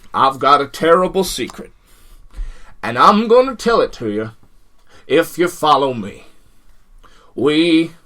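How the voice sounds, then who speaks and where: A man voicing a grand, secretive male fire demon, speaking slowly and solemnly. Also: mid-range voice, pushed and bright, full character voice. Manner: slow, solemn, deliberate.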